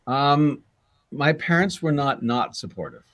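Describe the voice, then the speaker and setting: An older actor being interviewed, chatting in a rambling, self-deprecating way. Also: male voice, medium pitch, very animated, measured pace, fairly bright tone. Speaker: guest actor. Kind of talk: casual interview chat.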